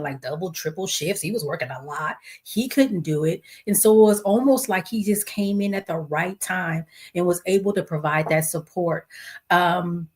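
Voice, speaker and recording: A woman hosting her own show, telling a heartfelt personal story in a casual, conversational way, acting out the quotes of others. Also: darkish tone. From Los Angeles area. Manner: conversational, acts out quotes with pitch swings. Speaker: podcast host.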